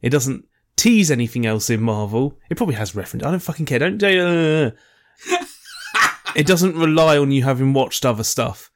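A man's voice: medium pitch, expressive, brisk, few pauses. Blunt dude giving his take on a show, swears a bit, casual chat. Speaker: podcast co-host reviewing TV.

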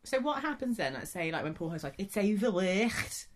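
A woman co-hosting a podcast, chiming in with quick, playful teasing remarks. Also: low-pitched, very animated. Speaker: podcast co-host. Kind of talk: casual chat.

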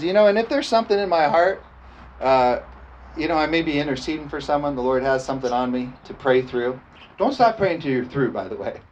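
A man's voice: mid-range voice, darkish tone. Man preaching, asking "amen?" constantly. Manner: repeats "amen?" as call for response, laughs often. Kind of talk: sermon. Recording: dull lo-fi sound with faint noise.

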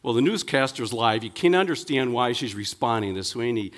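A man's voice: mid-range voice, expressive, fairly quick, few pauses. Chatty man preaching a folksy sermon. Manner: chatty, leans on "you know" between thoughts; playful, builds toward punchlines. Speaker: pastor. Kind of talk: folksy sermon with jokes and stories.

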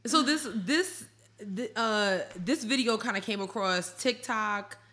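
Bright animated podcast co-host woman. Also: a little high. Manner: animated, laughing, quick bursts of speech. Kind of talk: casual chat.

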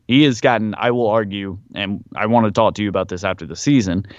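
A man's voice: fairly low pitch, quick pace, no room sound, lo-fi sound. A man co-hosting a casual sports podcast, rambling through his points with lots of fillers and a bit of argumentative edge. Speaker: podcast co-host.

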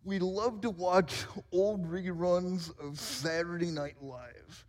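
Pastor, 40s, male: high voice, self-mocking jokes, long church-hall reverb. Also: slow pace. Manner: playful, self-mocking storyteller. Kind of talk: sermon. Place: church sanctuary.

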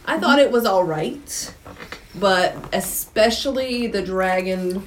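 A woman's voice: mid-range voice, slow, a little hiss or hum. A woman co-hosting a movie review podcast, chatty and giggling as she lists her picks. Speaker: podcast co-host. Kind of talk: casual movie review chat.

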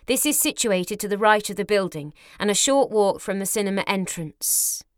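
A woman voicing a calm, formal cinema announcer speaking over a loudspeaker system. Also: medium pitch, moderate pace, no room sound, clean studio sound, natural voice.

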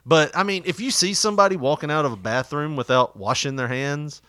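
Man, crude casual banter, laughs a lot, bright forceful tone, dry close sound. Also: fairly high pitch, fairly quick, dry recording. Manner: laughing, storytelling, crude jokes.

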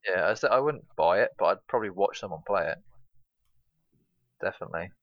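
A man's voice: low voice, expressive, fairly quick, dry recording, lo-fi sound. A man co-hosting a gaming podcast, rambling loosely in casual chat. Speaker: podcast co-host.

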